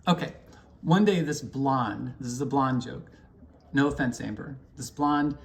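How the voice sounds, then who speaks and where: A man's voice: medium pitch, measured pace, gravelly. A man sending a casual video message to a friend, telling jokes in a hesitant way with many ums and restarts.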